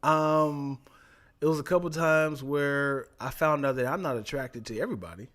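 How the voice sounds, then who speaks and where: A young man telling stories in casual chat, animated, often jumping into high voices for people in his stories. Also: moderate pace. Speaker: podcast guest telling stories.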